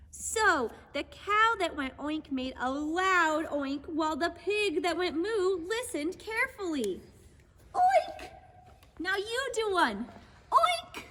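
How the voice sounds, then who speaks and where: A woman gently and patiently teaching children a lesson on horses and reading them a storybook aloud. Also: very high voice, big-room sound, slight background noise. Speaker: children's horse program instructor.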